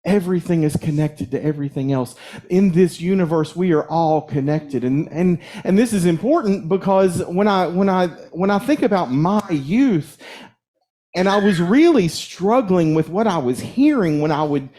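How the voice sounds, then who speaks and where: Mellow-voiced minister telling stories. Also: male voice, high voice, expressive, normal speed. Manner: conversational, chuckles while telling stories. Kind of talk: storytelling sermon. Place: church sanctuary.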